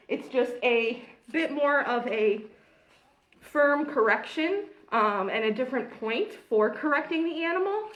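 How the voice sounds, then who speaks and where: A woman's voice: on the high side, fairly bright tone, slight background noise. A woman dog trainer explaining walking techniques in a casual, chatty way, with firm, short commands to the dog. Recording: echoey room, mic at a distance.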